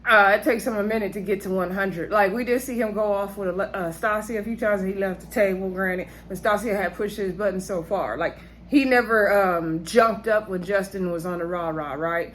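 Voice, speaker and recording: A woman's voice: medium pitch, a little fast, hardly any pauses, a bit bright, a little hiss or hum. A woman giving a casual, chatty recap of a reality show episode, speaking straight to her viewers and laughing often.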